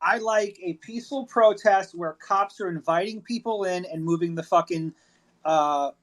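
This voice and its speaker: A man with a high, fairly bright voice speaks at a normal pace while hosting a casual chat in a phone app audio room. He reads a discussion thread aloud in an irreverent, jokey way, swearing freely.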